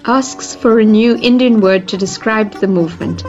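A woman with a somewhat high voice talks through history in a loose, conversational way, full of "you know" and little restarts. Her voice sounds a bit muffled and dull, with clear music playing underneath. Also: normal speed, a little mellow. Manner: conversational, with frequent fillers and restarts. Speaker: historian interviewee. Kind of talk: explanatory documentary interview.

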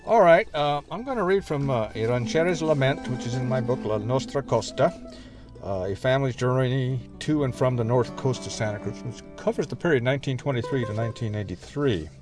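An older man, an author and guide, telling local history and reading aloud from his book with many hesitant pauses. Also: mid-range voice, over music.

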